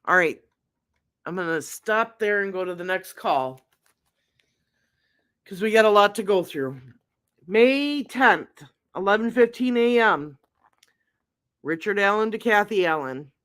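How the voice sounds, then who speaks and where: A man hosting a true crime show, reading his trial notes aloud in a slow, deliberate, halting way. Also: high-pitched, lively intonation, a bit bright, clear, resonant tone.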